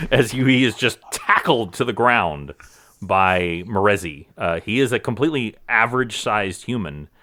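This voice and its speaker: Male game master, lively pitch, lots of fillers, dry recording. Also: moderate pace, dry recording. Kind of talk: narrating a tabletop game.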